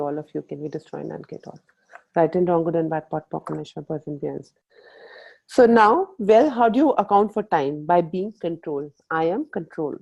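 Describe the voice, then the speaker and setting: Woman facilitator, mellow tone, playful group coaching, mixes Hindi in. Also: lowish voice, gravelly, poor audio. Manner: lively, playful, asks the group questions, mixes in Hindi phrases. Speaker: workshop facilitator. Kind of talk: live coaching talk on a video call.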